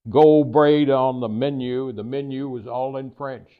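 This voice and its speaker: Folksy older Kentucky storyteller. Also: male voice, mid-range voice, steady tone, unhurried, clean tone. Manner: easygoing, humorous. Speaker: guest speaker. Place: private residence, talk to a local society. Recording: tinny phone-like recording.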